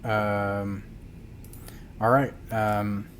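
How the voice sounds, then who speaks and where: Low-voiced man running the game, easygoing and unhurried. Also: flat delivery, a little hiss or hum. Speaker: game master. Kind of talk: narrating a tabletop game.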